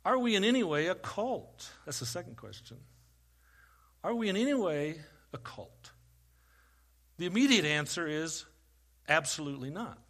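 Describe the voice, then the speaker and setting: A pastor preaching a sermon. He rises loud for questions to the congregation and drops quiet for stories. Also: on the high side.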